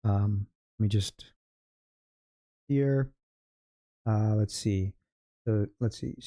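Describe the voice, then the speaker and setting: A man's voice: fairly low pitch, drawn-out words, warm tone. Chatty, jokey middle-aged Californian man. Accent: Californian American. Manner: chatty, jokey storyteller, laughs at own stories. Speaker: day-trading livestream host. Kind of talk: casual livestream chat.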